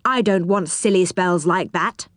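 A woman's voice: lowish voice, measured pace, no room sound, studio quality, natural voice. A woman voicing a cheerful, polite round-faced magical man in a storybook reading.

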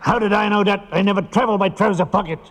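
A man's voice: high voice, fairly even intonation, quick pace, a bit bright. A man voicing a chatty, playful little male mouse in a storybook. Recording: reverberant with music behind.

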